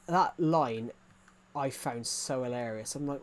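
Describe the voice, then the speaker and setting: A man's voice: mid-range voice, unhurried. A young man with an English accent chatting casually on a game stream, rambling with many restarts and fillers. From England. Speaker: gaming streamer. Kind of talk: casual live-stream chat.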